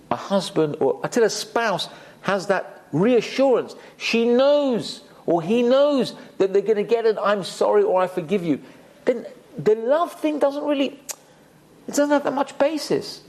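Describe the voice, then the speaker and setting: A man's voice: sits high, vocal fry, darkish tone. A man giving an emphatic Torah class, dropping Hebrew terms into his talk. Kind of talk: sermon. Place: community synagogue hall.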